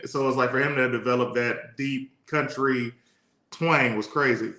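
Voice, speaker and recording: Recorded in an echoey room, this Detroit podcast co-host speaks at a moderate pace with a steady, medium-pitched tone that sounds pushed and bright. On the relaxed live-streamed show, he tells stories in a loose, meandering way.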